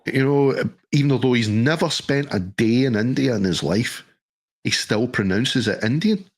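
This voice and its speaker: A man's voice: mid-range voice, normal speed. A middle-aged man in casual chat on a podcast, telling jokey, sweary anecdotes. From Scotland. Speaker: podcast co-host.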